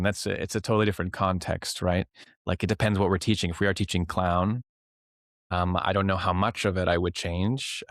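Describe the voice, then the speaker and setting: A young Canadian man who teaches clowning and improv chats casually in an interview, animatedly telling stories and acting out classroom voices. His voice sits low and moves fairly quickly, recorded with studio quality and no room sound.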